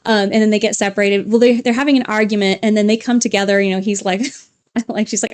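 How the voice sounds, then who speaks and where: A woman's voice: mid-range voice, brisk, a little mellow. A woman co-hosting a casual live stream from a home studio, rambling and chatty with frequent fillers and laughs. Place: home studio with LED lights.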